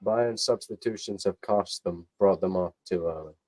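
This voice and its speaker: A man's voice: sits low, normal speed, a little mellow, no room sound. A British man hosting a casual livestream over beers, bantering with his co-hosts and greeting people in the chat. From Britain. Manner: banters, reads out chat, jokes with mock accents. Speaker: livestream host.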